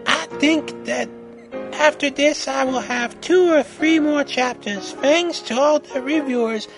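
A man voicing a petulant teenage author girl who scolds critics in a high, sulky voice. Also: measured pace, faint music behind.

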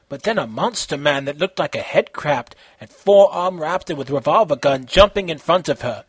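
Storyteller: man reading a fan story, lively pitch, husky, dry close mic. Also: no echo. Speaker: reader.

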